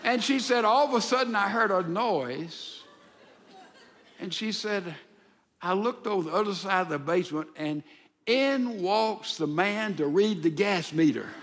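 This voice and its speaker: A man preaching a sermon, telling a humorous story and acting out the quoted letters in an animated way. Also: high-pitched, a little slow, big-room sound, slight background noise.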